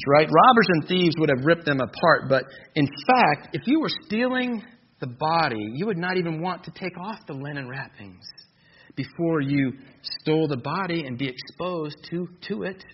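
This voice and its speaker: A man with a slightly high voice preaches a verse-by-verse sermon, hammering home points through repetition. The recording sounds muffled and lo-fi, with a faint hiss behind him. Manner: emphatic, repeats key phrases for stress. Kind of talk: expository sermon. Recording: dull lo-fi recording with faint noise.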